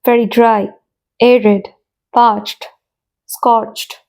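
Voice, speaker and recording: Slow, mellow woman reading phrase lists. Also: fairly high pitch, flat delivery. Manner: reads short phrase pairs with pauses. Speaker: English teacher. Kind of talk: slow scripted vocabulary lesson.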